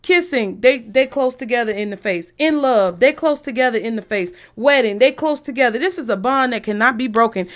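A woman's voice: a little high, lively intonation, brisk, hardly any pauses. A woman giving a tarot reading to her viewers, speaking bluntly and emphatically with a lot of profanity. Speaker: tarot reader.

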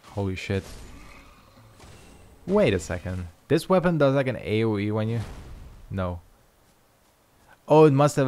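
A man's voice: lowish voice, creaky, darkish tone. A young man casually commenting on his own gameplay, swearing and joking to himself. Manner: swears freely, jokes to himself. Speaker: gaming video host.

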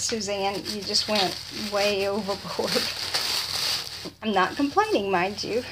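A middle-aged woman, chatting softly and gushing, often in a whisper, while opening a gift box at home. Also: mid-range voice, a little slow, very noisy. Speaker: vlogger. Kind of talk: casual unboxing chat. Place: home, indoors.

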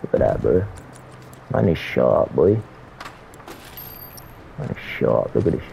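A man's voice: very deep voice, sing-song, slow, gravelly, lo-fi sound, a crowd in the background. A young man from London with a London accent, trash-talking aggressively and swearing on a game voice chat. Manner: aggressive, swearing, repeats "you know what I'm saying". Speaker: gamer on voice chat. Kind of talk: heated trash talk over game chat.

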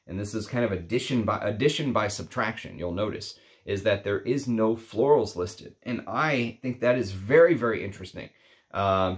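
A man talking through a fragrance review in a casual, rambling way with lots of fillers and asides. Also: on the low side. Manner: rambling, chatty, many fillers.

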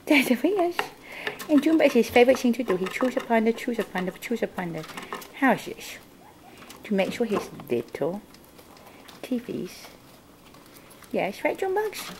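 A woman's voice: a little mellow, a little hiss or hum. Woman cooing at pets in swooping tones. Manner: cooing baby talk to her pets, with big jumps in pitch. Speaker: guinea pig owner showing her pets. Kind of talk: casual home video tour. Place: indoors at home.

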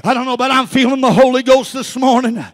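A man preaching a sermon as pastor, often shouting, with a steady "uh" between phrases. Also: very high voice, quick pace. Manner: shouting, preachy cadence with frequent "uh" fillers.

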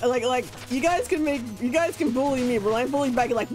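A man's voice: very high-pitched, quick pace, few pauses, darkish tone, soft background music. Giggly young man on a game stream. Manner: bubbly, giggly, playful. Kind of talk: casual gaming stream chat.

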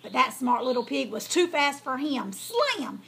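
A woman hosting a storytime, reading a children's tale aloud in a folksy, lively way. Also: sits high, moderate pace, gravelly, breathy edge. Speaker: storyteller host.

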